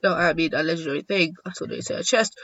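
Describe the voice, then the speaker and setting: Excitable high-voiced young guy gaming. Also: fast talker, no echo. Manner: excitable, joking, swears, sings to himself. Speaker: gaming YouTuber. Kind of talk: casual gameplay commentary. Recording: dull lo-fi dry sound.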